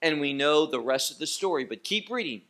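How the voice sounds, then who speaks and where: A man teaching a bible study, speaking slowly and emphatically, repeating phrases to drive his points home. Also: on the high side, expressive, a bit bright. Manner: slow, emphatic, with pointed repetition.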